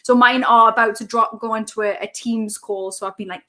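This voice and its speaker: A woman's voice: on the high side, fairly even intonation, brisk, pushed and bright. A woman, a coach hosting a casual live stream from home, chatting as she greets viewers by name and reads out their comments.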